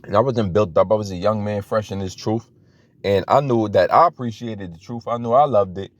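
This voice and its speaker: Low-voiced young man preaching casually. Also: a little fast, no echo. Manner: loose, conversational, with many restarts and fillers. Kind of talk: street-preaching teaching talk. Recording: dry, dull lo-fi audio.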